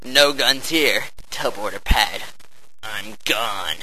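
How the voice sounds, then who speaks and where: A man giving over-the-top, theatrical narration while playing a shooter game, full of shouty bravado. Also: lowish voice, takes it slowly, breathy edge, rough recording. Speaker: game player. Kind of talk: hammy gameplay narration.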